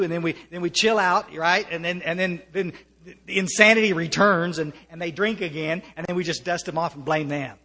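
A man's voice: on the high side, brisk, bright, forceful tone. An American man giving a personal testimony to a recovery meeting, earnest and conversational, often restarting his sentences and mixing in wry humor. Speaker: speaker sharing at a recovery meeting. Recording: long reverb of a large hall.

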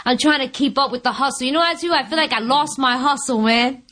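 Lady w a high voice telling her recovery story, frank, jokes at herself a lot. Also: fast talker, sharp tone. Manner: candid and wry, laughs often at her own story. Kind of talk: personal testimony before an audience.

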